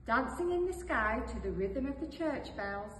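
A woman reading a storybook tale aloud slowly and expressively. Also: on the high side, a little hiss or hum. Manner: slow, expressive. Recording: echoey hall, voice from far off.

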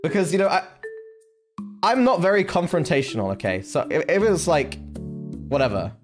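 A man's voice: a little high, fairly quick. Swearing young man telling a story. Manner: animated, heavy swearing, lots of fillers and restarts. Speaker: streamer. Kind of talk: casual storytelling on stream. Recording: music playing behind.

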